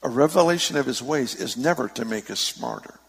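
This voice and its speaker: Gravelly preacher man in a big hall. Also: mid-range voice, a little fast. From San Francisco Bay Area. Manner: storytelling, animated with laughs and rising emphasis. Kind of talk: sermon. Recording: long hall reverb.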